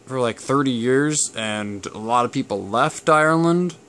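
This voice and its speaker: A man's voice: medium pitch, animated, a little slow, a bit bright. A man, from Canada, talking casually to camera about family history in a rambling, digressive way. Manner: rambling and digressive, with many fillers. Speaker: channel host.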